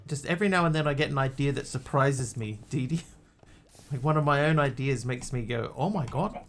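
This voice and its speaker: A man's voice: medium pitch, brisk, fairly bright tone, slight background noise. A man streaming a game, chatting casually to himself and his chat as he plays and thanks viewers. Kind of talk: casual live game commentary.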